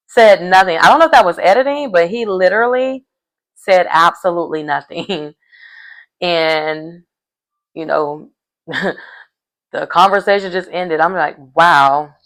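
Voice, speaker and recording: A woman's voice: on the low side, slow pace, long pauses, rough recording. A woman casually recapping a reality dating show, chatty and full of fillers, retelling scenes through quoted dialogue.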